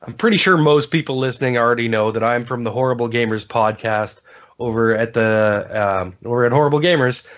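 A mid-range male voice, a little fast, belongs to a podcast guest in casual gaming chat. He rambles through his stories, heavy on fillers and restarts, and the audio has a dull, lo-fi quality.

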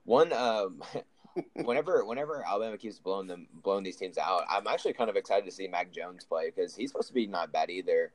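Young man, low deep voice, rambling casual podcast host, dry close sound. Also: expressive, brisk, no echo. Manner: rambling, frequent restarts and fillers. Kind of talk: casual sports chat.

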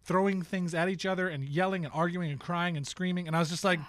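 A man in his thirties co-hosts a casual podcast, wry and relaxed, drifting into side remarks. His voice is bright and a bit high for a man, heard dry and close. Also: fast, no echo. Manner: relaxed, wry, trails into asides. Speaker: podcast co-host. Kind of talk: casual chat.

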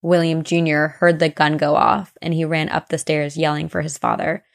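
A young woman with a somewhat low voice co-hosts a casual podcast. She tells ghost stories in a chatty, animated way and acts out the people in them. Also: normal speed, vocal fry. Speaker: podcast co-host. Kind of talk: casual chat, storytelling ghost lore.

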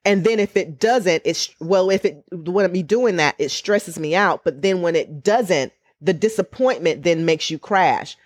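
A middle-aged woman with a lowish voice shares personal reflections in a podcast conversation, speaking unhurriedly with few pauses. She's earnest and emotional, near tears, and repeats phrases for emphasis. The recording is close and dry.

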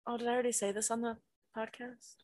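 A woman's voice: fairly high pitch, level tone, fast, a little mellow, dry recording, clean studio sound. A woman co-hosting a podcast, reacting with short laughing interjections and then telling her own story in casual chat. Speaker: podcast co-host.

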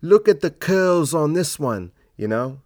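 A man putting on an Australian accent to play an excitable male wildlife TV presenter who narrates in an awestruck nature-show manner. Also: a little high, unhurried, dry recording, clean studio sound, voice pushed up. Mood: gushing. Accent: Australian, put on.

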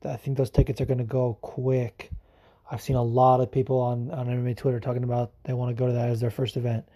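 A man hosting a podcast in casual, rambling chat, excitable and swearing freely. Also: medium pitch, fast. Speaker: podcast host.

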